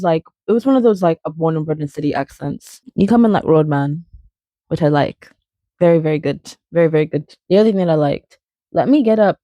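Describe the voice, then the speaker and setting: Chatty young woman, mellow and dry. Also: low-pitched, dry recording. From outside England. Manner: chatty and playful, with frequent fillers and tangents. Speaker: video essayist. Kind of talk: casual spoken video essay.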